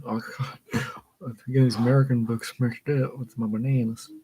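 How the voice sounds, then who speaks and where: A man's voice: mid-range voice, level tone, fairly quick, dark tone, slight background noise, poor audio. A man casually reading a book aloud, chatting, laughing and stumbling over words as he goes.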